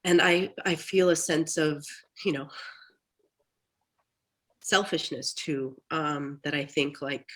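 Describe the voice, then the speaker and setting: A woman speaking candidly as a therapy client, talking in a halting, reflective way with many restarts, over a video call. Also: low voice, rough recording. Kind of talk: candid personal talk.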